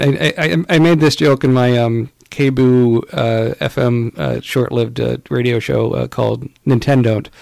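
A man's voice: medium pitch, vocal fry, a little mellow, no room sound. A man co-hosting a podcast in casual chat, rambling with many fillers. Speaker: podcast co-host.

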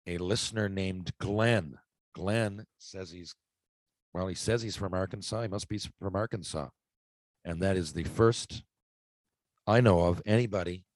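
A man's voice: deep voice, a little mellow, no room sound. A man hosting his own podcast, talking casually and rambling from thought to thought. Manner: rambling, conversational, self-interrupting. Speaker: podcast host. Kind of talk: casual solo podcast monologue.

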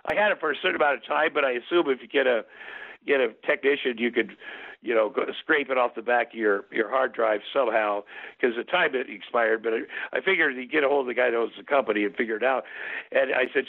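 Gravelly man telling stories over a tinny line. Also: mid-range voice. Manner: rambling, lively, many restarts and acted quotes. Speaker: interview guest. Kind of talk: animated storytelling. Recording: phone-like narrow sound.

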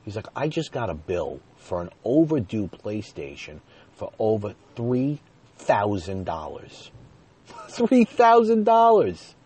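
A man's voice: fairly low pitch, sing-song, unhurried, warm tone, husky. A man telling a personal story in a chatty way, talking straight to his viewers and chuckling now and then.

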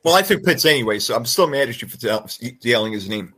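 A man's voice: medium pitch, lively intonation, quick pace, a crowd in the background. A man co-hosting a podcast, chatting casually and joking with friends, laughing often. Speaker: podcast co-host. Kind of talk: casual fantasy football chat.

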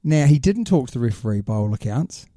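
A man co-hosts a relaxed podcast, talking in a very dark, mellow voice. He chats loosely, laughs easily and lets sentences trail off. The sound is dry and close. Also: mid-range voice, fast, dry recording. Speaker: podcast co-host. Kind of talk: casual chat.

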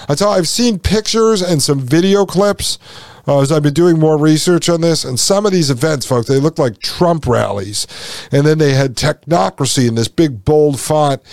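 A man's voice: on the high side, darkish tone, dry recording. Dry, sarcastic male podcast host. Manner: sarcastic, folksy asides to listeners. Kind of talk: podcast commentary, reading from an article.

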